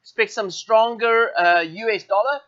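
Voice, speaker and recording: A man hosting a live trading show, thinking aloud through currency charts with many fillers and quick self-corrections. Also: high-pitched, lo-fi sound. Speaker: forex trading show host. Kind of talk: live market walkthrough.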